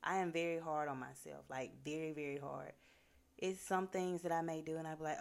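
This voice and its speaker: A woman's voice: low-pitched, fairly even intonation, a little fast, gravelly. A woman giving a casual motivational talk in an earnest, conversational way, with lots of "like" fillers. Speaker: motivational speaker.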